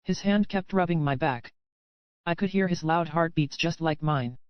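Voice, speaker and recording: Man, audiobook narrator, first-person reading, smooth, slightly high voice, dry, slightly dull recording. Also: normal speed, no room sound.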